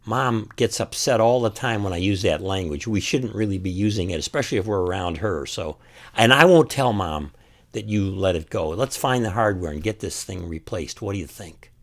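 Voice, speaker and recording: A man voicing a gentle, patient father who encourages his son while fixing a tire, with a few stammers. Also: fairly low pitch, animated, moderate pace. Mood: gently teasing. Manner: warm, encouraging, stammering a little.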